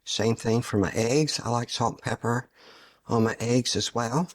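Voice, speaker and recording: A middle-aged man with a Southern US drawl hosts a relaxed cooking demonstration. He talks in a folksy, chatty way, sharing kitchen tips at an everyday pitch for a man. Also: unhurried. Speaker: cooking channel host.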